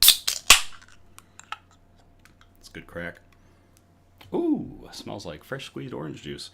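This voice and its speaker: Man, home livestream news host, a little out of breath, lowish voice, lively pitch swings, chatty. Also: slow pace, creaky, breathy edge. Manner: chatty, animated, self-deprecating asides. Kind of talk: casual live-stream news show.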